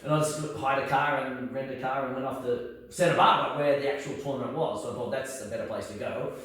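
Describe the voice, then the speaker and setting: A man with an Australian accent telling a story in casual chat, animated and laughing, acting out the people in it. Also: medium pitch, quick pace. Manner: animated, laughing, acts out voices in his stories. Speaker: guest martial arts teacher. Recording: echoey room, mic far off.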